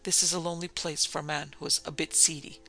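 A man voicing a hoarse, frightened country gentleman. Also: little pitch movement, fast, faint music behind. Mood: tense, fearful. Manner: hoarse, low and tense.

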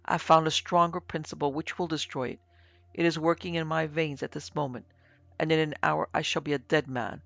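A man's voice: on the high side, little pitch movement, a little fast, vocal fry, fairly bright tone, no room sound. A man voicing a fanatical priest, mad with joy and then cold and curt, in a dull, dry lo-fi recording. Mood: exultant.

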